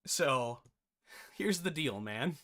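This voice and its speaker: A man who hosts a game development tutorial, telling a casual, animated story with chatty asides. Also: medium pitch, slow pace.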